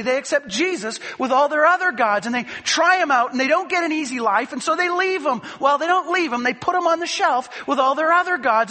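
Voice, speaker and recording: In an extremely high, sharp-toned voice, a male pastor delivers an emphatic sermon full of rhetorical questions for the congregation. The recording carries the long reverb of a large hall.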